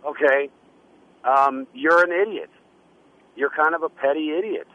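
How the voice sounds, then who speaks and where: A man's voice: on the high side, measured pace. A man debating on a radio show, hesitant, with frequent fillers and restarts. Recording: dull lo-fi radio audio.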